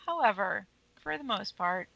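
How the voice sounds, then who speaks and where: A woman co-hosting a casual podcast, making slow, dry remarks. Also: medium pitch, lively intonation, vocal fry, pushed and bright, no room sound, muffled recording. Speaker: podcast co-host. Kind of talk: casual chat.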